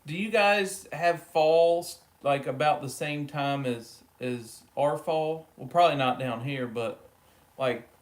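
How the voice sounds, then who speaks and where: A man's voice: fairly high pitch, slow pace. Joking man chatting on a live stream. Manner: chatty, joking, talks to viewers by name. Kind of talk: casual live-stream chat.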